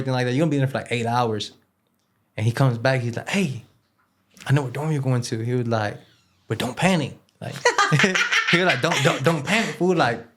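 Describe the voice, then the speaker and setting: This male interview guest speaks at medium pitch with a fairly bright tone and a mid-range voice. He's a casual, slangy storyteller who rambles, repeats himself, piles on fillers, and mixes Spanish words into loose street slang.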